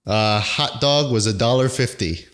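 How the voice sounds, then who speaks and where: A man's voice: mid-range voice, measured pace, a bit bright. A man co-hosting a podcast in casual chat, rambling and joking and laughing often. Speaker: podcast co-host.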